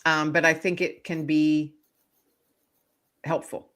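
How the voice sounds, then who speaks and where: A woman author, a guest on an interview show, telling animated stories with plenty of laughter and acted-out voices. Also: sits low, slow. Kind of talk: casual storytelling interview.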